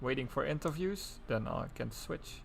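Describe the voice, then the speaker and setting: A man's voice: medium pitch, lively intonation, moderate pace, vocal fry, slight background noise. A man giving casual, chatty live commentary on an online sim-racing league race. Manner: casual, chatty, breaks into laughs.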